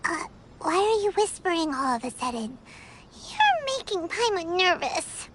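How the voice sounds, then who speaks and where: A woman voicing a tiny, chirpy and excitable fairy companion in a video game, with a high squeaky voice and a habit of talking about herself in the third person. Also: measured pace, heavy background noise, heavily acted. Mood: curious. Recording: game audio with background music. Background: game music.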